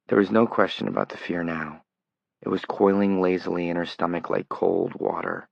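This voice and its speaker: A man narrating an audiobook in a measured, low-key way. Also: fairly even intonation, gravelly, no echo. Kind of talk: scripted narration. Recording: dull lo-fi recording, dry.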